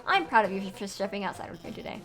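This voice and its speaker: A woman voicing a brash, loud female fish warrior who teases people and calls them punk, with music underneath. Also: mid-range voice, big pitch swings, fast. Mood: encouraging. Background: background music.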